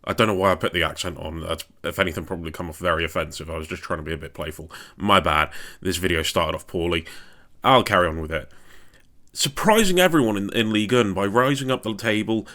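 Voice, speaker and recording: Guy, young, lowish punchy voice, rambly football tactics chat. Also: fast, pushed and bright. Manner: rambling, self-mocking asides. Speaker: football tactics video maker. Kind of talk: casual solo commentary.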